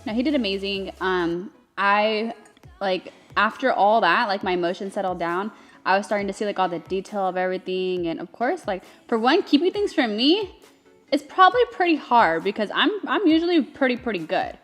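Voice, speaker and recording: A woman's voice: medium pitch, lively intonation, normal speed, faint music behind. A young adult woman co-hosting, telling a story casually and animatedly, laughing often and getting emotional. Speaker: co-host recounting her engagement.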